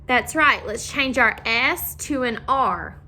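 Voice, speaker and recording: Young female primary teacher, patient and sing-song, slightly high voice, recorded with faint noise. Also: expressive, bright, forceful tone. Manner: slow, sing-song, coaxing questions. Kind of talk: recorded phonics lesson for young children.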